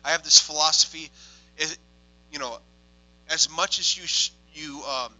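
High, bright-voiced excitable male minister. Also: normal speed, poor audio. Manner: excitable, swings from hushed to loud exclamations. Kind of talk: testimony storytelling.

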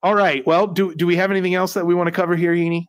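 A man's voice: high-pitched, level tone, very fast, no room sound. A man co-hosting a live tech news stream, chatty and upbeat with joking asides. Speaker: co-host of a VR news livestream. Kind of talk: casual livestream chat.

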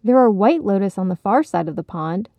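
A woman's voice: medium pitch, animated, fairly quick, no echo, dull audio. A woman voicing eager helpful fish. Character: helpful, curious chattering fish.

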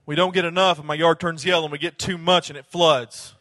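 A man's voice: fairly high pitch, steady tone, brisk, sharp tone, dry recording, voice pushed down. A grumbling everyday guy, as a preacher puts him on. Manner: whiny, complaining. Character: grumbling everyday man complaining about small things. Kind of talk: sermon.

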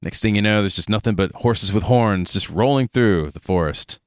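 A man with a low voice co-hosts a relaxed gaming podcast, talking loosely and tossing in jokes and asides. The sound is dry and close to the mic. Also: no echo. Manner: joking, rambling, quick asides. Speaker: podcast co-host. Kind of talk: casual tabletop gaming chat.

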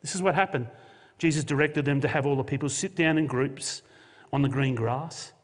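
A man's voice: mid-range voice, normal speed. Man preaching in a reverberant hall. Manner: storytelling with jokey modern asides. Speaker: pastor. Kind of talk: sermon.

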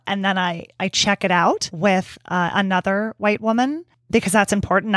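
A woman's voice: medium pitch, a bit bright, no room sound. A woman in her forties hosting her own podcast, talking candidly and from the heart in a reflective monologue, laughing often and swearing casually. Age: 40s. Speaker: podcast host.

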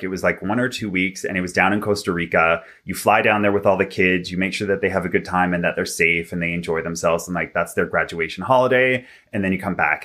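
Young man from Canada, low bright voice, casual filler-heavy storyteller. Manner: chatty, filler-heavy, animated when quoting himself. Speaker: interview guest.

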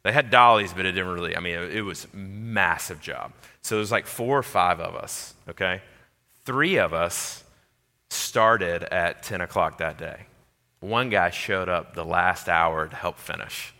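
A man preaching a sermon as pastor, animated and conversational, with lots of casual fillers. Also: sits low, measured pace. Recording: reverberant hall.

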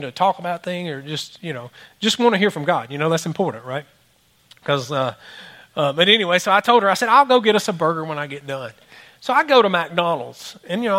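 A man's voice: on the high side, fairly bright tone. A man, a pastor preaching a sermon as a rambling story, full of restarts and asides to the congregation.

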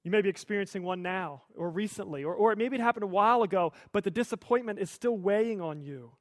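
A pastor preaching a sermon in a conversational, lightly humorous storytelling manner. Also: male voice, high voice, quick pace, no echo, studio quality.

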